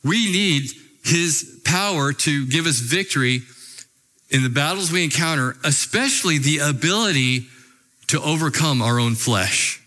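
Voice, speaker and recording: A man's voice: on the high side, a little slow, pushed and bright. A male preacher delivering a sermon, emphatic and asking his listeners rhetorical questions. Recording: long hall reverb.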